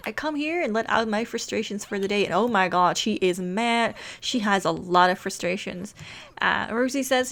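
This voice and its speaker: A woman's voice: medium pitch, normal speed, a bit bright. Chatty, giggly woman narrating a game story. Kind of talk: casual let's-play storytelling.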